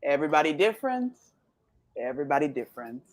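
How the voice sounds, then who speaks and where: A woman puts on a calm voice in a mock Jamaican accent, chanting a soothing mantra over and over. The voice sits low and swings through a wide pitch range in a sing-song lilt. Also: fast.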